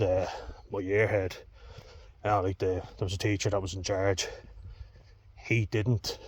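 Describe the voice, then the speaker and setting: Man, husky low voice, flat delivery, blunt candid storytelling, swears a lot. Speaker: vlogger. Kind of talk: personal storytelling.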